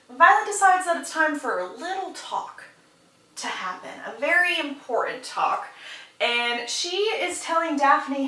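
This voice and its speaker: A woman's voice: sits high, lively intonation, measured pace, sharp tone, far from the mic. A young woman giving a chatty, casual plot recap with sarcastic asides. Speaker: book reviewer. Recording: roomy, slightly off-mic.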